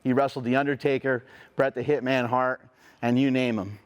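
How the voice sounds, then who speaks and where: A middle-aged man giving a motivational speech, telling a personal story in a profane, animated way. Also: mid-range voice, moderate pace, dull audio. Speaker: motivational speaker.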